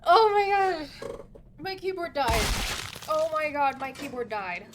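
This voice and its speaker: A woman's voice: high voice, very animated, measured pace, noisy background. A woman streaming a game, chatting casually, flustered and swearing as she talks. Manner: swearing, flustered, laughing often.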